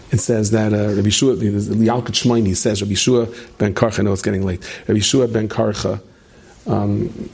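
A man's voice: fairly low pitch, darkish tone, breathy edge. A middle-aged man giving a late-night Torah lecture to students, telling stories in a rambling way with many restarts and questions to the room. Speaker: rabbi teaching a class.

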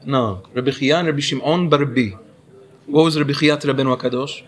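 Speaking fast in a mid-range voice with fairly even intonation, this Torah teacher lectures his class on how Hebrew is pronounced. He explains as he goes and keeps putting questions to his students.

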